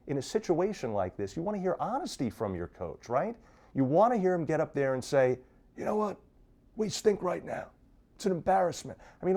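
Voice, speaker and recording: A man's voice: fairly high pitch, warm tone. A man hosting a sports talk show, ranting emphatically and sarcastically. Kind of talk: sports commentary rant.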